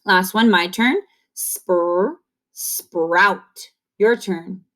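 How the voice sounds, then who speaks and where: A woman teaching kindergarten phonics on video, drilling sounds slowly and cheering the children on. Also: mid-range voice, a bit bright. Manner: slow, encouraging call-and-repeat drilling. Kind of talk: online phonics lesson. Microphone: camera facing the speaker.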